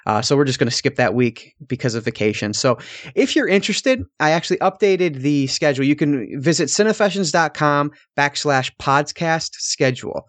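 A man's voice: a little high, expressive, moderate pace, dry recording. A man hosting a film podcast, chatting casually with loose, profane asides. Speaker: podcast host.

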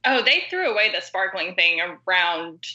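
A woman's voice: medium pitch, sing-song, moderate pace, sharp tone, highs cut off. A woman chatting casually on a podcast, swearing freely and using lots of fillers. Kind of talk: casual chat.

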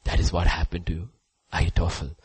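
Husky preacher swinging from hush to shout. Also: male voice, completely flat delivery, brisk, no room sound, poor audio. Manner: swings between hushed low passages and loud, high exclamations. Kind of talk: sermon.

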